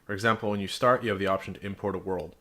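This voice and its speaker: Speaking in a very deep, fairly bright voice, a man rattles through a casual video game review at rapid-fire speed with a steady tone. His delivery is frank and sarcastic, with dry humor mixed in.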